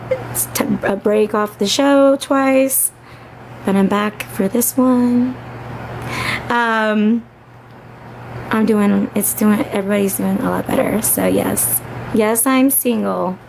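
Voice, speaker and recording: A woman chatting casually on a livestream, giggly and unhurried. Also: mid-range voice, gravelly, darkish tone, a little hiss or hum.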